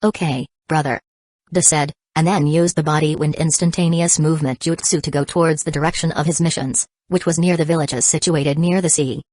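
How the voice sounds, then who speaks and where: A woman narrating an audiobook in an even, unhurried reading. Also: low-pitched. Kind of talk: scripted narration.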